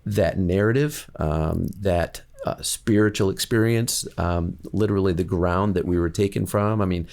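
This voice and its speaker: A man in a casual podcast conversation, speaking thoughtfully about faith in a measured way with many pauses and fillers. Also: sits low, gravelly, a little mellow. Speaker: podcast guest. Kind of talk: casual chat, reflective faith talk.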